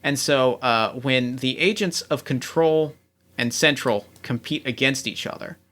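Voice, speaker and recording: A male game master hosts a tabletop role-playing game and sets scenes in a loose, halting way. His voice is bright and clear at an ordinary pitch. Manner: loose, hesitant scene-setting with many fillers.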